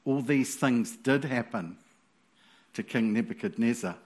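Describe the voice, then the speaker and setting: A man preaching a sermon in an animated, playful way, with sudden loud exclamations. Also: mid-range voice, unhurried.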